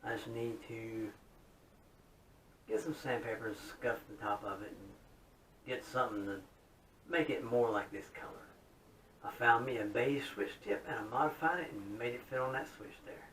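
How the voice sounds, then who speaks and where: Chatty and upbeat, this man walks through his modded guitar in a folksy, informal demo. His tone is fairly bright, his pace moderate, and he pauses often. It's captured on a distant mic in a roomy space with a faint low rumble.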